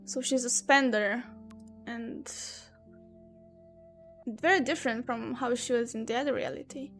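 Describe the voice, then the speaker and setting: A young woman with a high voice gives animated let's-play commentary, reading texts aloud in quick bursts. She talks into a desk microphone. Faint game music sits in the background. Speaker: gaming streamer.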